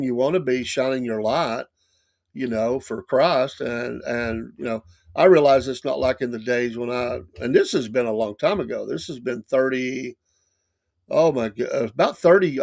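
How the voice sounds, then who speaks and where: A middle-aged man hosting a morning show, telling stories in a casual, animated way with lots of restarts. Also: mid-range voice, gravelly. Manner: animated, acts out quoted lines with laughs and restarts. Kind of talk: casual storytelling monologue.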